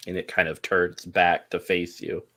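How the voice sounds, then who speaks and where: A man with a very deep voice runs a tabletop horror game as its game master. He narrates in an unhurried, descriptive way, with plenty of ums and uhs. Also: monotone, a bit bright.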